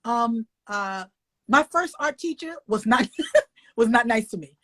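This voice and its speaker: An older woman, an author and illustrator, talking in a folksy, emotional way on a video call interview. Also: a little slow. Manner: expressive, folksy, emotional, swings up high when animated. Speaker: children's book author and illustrator.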